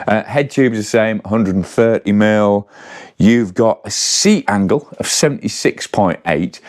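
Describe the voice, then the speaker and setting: Brief: deep-voiced male reviewer, chatty, rambling asides, fixes himself mid-sentence. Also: darkish tone. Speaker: bike reviewer. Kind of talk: casual spec walkthrough to camera.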